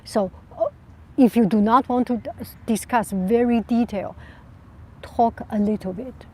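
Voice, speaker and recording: A woman's voice: fairly high pitch, unhurried, a little mellow, husky. A middle-aged woman hosting a live chat, answering viewer questions in an earnest, reflective way, often repeating and rephrasing her words. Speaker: livestream host.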